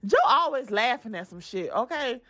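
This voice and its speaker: A woman's voice: on the high side, normal speed. A young adult woman hosting her own podcast, talking casually and animatedly straight to her listeners, often restarting her sentences. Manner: chatty and animated, addresses listeners directly, frequent restarts. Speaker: podcast host. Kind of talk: casual chat.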